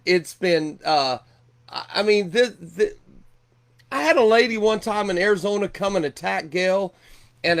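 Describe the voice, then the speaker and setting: A man's voice: high voice, fairly bright tone. A middle-aged man preaching a sermon earnestly, often repeating and restarting his words. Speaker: pastor.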